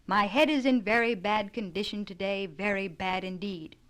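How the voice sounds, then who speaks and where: A gruff old grandfather, impatient and used to giving orders, as a woman reads him aloud. He talks in a brusque, commanding way, somewhat louder than the storyteller around him. A storybook character in an audiobook. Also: mid-range voice, normal speed, close to an everyday voice.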